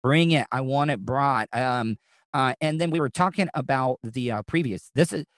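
A man hosting a podcast in loose, casual chat. He rambles and keeps restarting his sentences, and he swears freely. His voice sits at a middling pitch and sounds close and dry. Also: normal speed, fairly bright tone, no echo. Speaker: podcast host.

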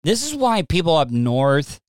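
A man's voice: fairly high pitch, big pitch swings, measured pace, smooth. A man reacting to a news clip in casual commentary, blunt and mocking. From Southern United States.

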